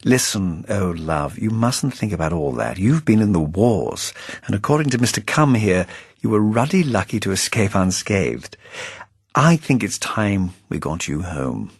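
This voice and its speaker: A man's voice: lowish voice, big pitch swings, unhurried, breathy edge, no echo, studio quality, full character voice. A man reading aloud, voicing a bluff, condescending middle-aged official who talks in a hearty, patronising way. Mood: soothing.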